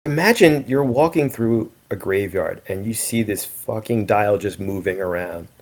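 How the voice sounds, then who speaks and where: A man's voice: on the low side, normal speed. A man co-hosting a casual podcast, explaining facts in a dry, matter-of-fact way. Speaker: podcast co-host. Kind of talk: casual chat.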